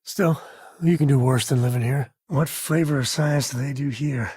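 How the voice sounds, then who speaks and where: A laid-back, wry space cowboy, as a man voices him in a video game. His husky, breathy tone is mid-pitched and recorded close and dry in a studio. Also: normal speed, darkish tone, no room sound, lightly acted. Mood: easygoing. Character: rugged male space cowboy companion, easygoing. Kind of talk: game voice lines. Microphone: close studio mic.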